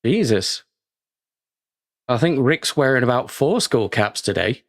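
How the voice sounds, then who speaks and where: A man's voice: medium pitch, animated, measured pace. A man co-hosting a casual livestream, crude and joking, laughing a lot. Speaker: co-host.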